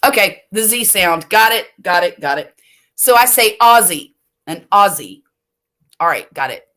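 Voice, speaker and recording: An older woman from the US Gulf Coast hosts a late-night livestream from home, chatting slowly and rambling, laughing easily as she reads viewer comments. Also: mid-range voice, lively intonation, pushed and bright. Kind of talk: casual chat reading viewer comments.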